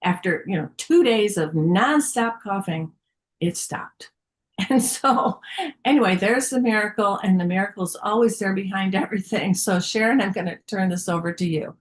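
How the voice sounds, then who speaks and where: Woman, candid storyteller, casual group sharing, mid-pitched. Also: normal speed. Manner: candid, storytelling, many fillers.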